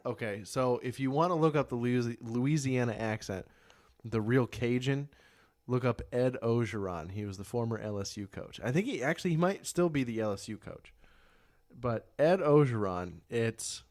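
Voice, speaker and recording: A man's voice: mid-range voice, expressive, normal speed, a little mellow. A young man co-hosting a podcast in casual chat, swearing freely, laughing often and trying out regional accents. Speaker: podcast co-host.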